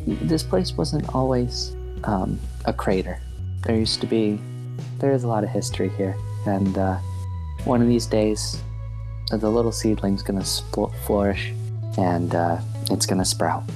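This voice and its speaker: A man voicing a polite, timid young male baker, stammering in a much higher voice. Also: a little slow, darkish tone, faint music behind. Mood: wistful.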